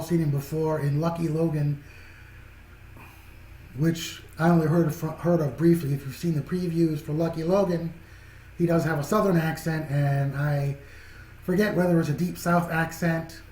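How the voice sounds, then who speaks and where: A man's voice: fairly high pitch, darkish tone. A man giving a casual spoken film review, rambling and restarting his phrases. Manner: rambling, repeats and restarts phrases, chuckles often. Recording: echoey room with faint background noise.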